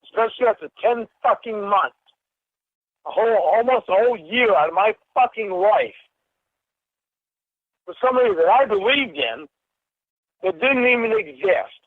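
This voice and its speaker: A man rages through a phone call, his voice pitched unusually high for a man. He swears and accuses without pause. The line is thin and tinny, with a dry, close sound. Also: animated, dry recording. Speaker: caller. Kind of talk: angry phone confrontation.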